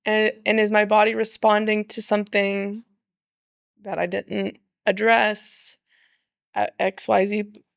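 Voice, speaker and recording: A woman chatting casually as a podcast guest, playful and animated, acting out her own inner voice. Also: medium pitch, unhurried, creaky, dry recording, clean studio sound. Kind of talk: casual chat.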